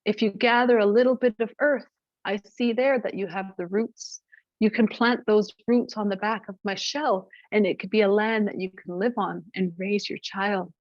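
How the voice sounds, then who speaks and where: A woman voicing a kind, giant turtle who speaks slowly and softly. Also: mid-range voice, fairly even intonation, no room sound, natural voice. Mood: kindly. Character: giant, slow, kindly old turtle. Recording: dull, dry lo-fi recording.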